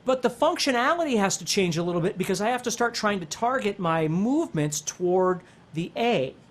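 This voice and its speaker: With guitar playing behind him, a man walks the viewer through a casual guitar lesson one step at a time, pausing to ask "okay?" or "right?". He speaks fairly quickly in a high-pitched, expressive voice.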